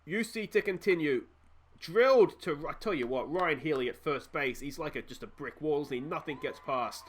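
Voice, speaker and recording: A young Australian man giving casual, excitable play-by-play commentary on a baseball video game, joking at his own expense and talking to his viewers. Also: a little high, normal speed, a little hiss or hum. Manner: excitable, self-deprecating, talks to viewers.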